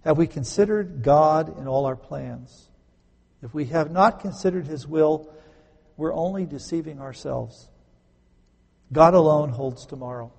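A man preaching a sermon, emphatic, swinging between loud stresses and quiet conversational asides. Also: a little high, unhurried, creaky, husky. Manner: conversational, explains grammar with homely examples. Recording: echoey hall.

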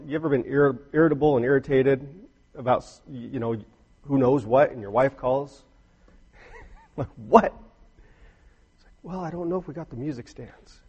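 Middle-aged male preacher, husky, earnest storyteller who builds to emphatic peaks. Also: medium pitch, dull audio. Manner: earnest, rising to emphatic bursts, storytelling asides. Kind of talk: sermon.

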